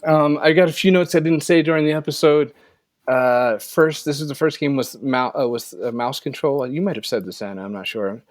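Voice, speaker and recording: A man's voice: medium pitch, fairly quick, dry recording, clean studio sound. A man co-hosting a podcast in casual chat, rambling and correcting himself as he goes. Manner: rambling, self-correcting, wraps up with offhand plugs. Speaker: podcast co-host.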